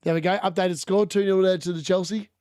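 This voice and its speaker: A man hosting a live fantasy football watchalong, chatting through the games and shouting when goals go in. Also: high voice, fairly even intonation, brisk, dry recording, studio quality.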